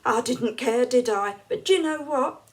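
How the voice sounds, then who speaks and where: A woman's voice: a little high, moderate pace. An English woman in her late fifties, telling stories casually to camera in a chatty, laughing way. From England. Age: late 50s. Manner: chatty, laughs often, acts out quoted lines. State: unwell, feeling hot and cold. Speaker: vlogger.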